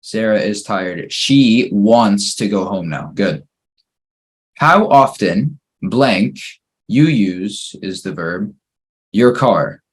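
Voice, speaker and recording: Husky-voiced man teaching English grammar. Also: lowish voice, slow. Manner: patient, steady drilling through exercises, praising each answer. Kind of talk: online grammar lesson.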